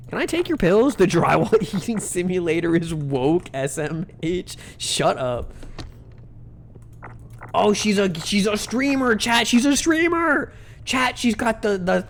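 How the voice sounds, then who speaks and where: A young man, a VTuber, chatting casually while streaming a game, rambling through jokey stories with lots of restarts and swearing. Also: sits high. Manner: rambling, self-interrupting, joking and profane. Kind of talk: casual live-stream chat while gaming.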